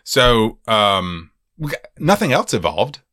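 A man co-hosting a casual film-review podcast, rambling and animated, laughing often. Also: lowish voice, slow, dry recording, studio quality. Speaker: podcast co-host.

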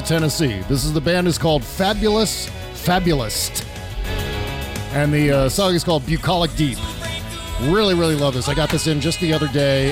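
A man hosting a podcast in casual political chat, blunt and profane, with frequent filler "uh". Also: fairly high pitch. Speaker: podcast host.

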